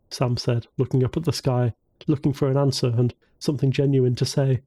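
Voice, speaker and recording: Male narrator, audiobook, mellow dark tone, husky, calm and measured. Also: mid-range voice, no room sound. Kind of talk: scripted narration.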